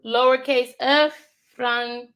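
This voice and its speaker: A woman learning a language, thinking aloud and slowly repeating words to practice them. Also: fairly high pitch, fairly even intonation, fairly bright tone. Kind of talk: thinking aloud while studying.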